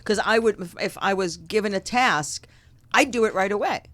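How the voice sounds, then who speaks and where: A woman's voice: mid-range voice, moderate pace, a bit bright, dry recording. A woman hosting a casual podcast chat, teasing her guests and steering the talk along. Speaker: podcast host.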